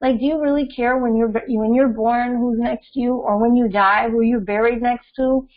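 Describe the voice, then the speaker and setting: Astrology host, young woman, higher voice, preachy rambling casual monologue, muffled sound. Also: fairly even intonation, normal speed. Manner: rambling, preachy, many fillers. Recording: dull lo-fi audio.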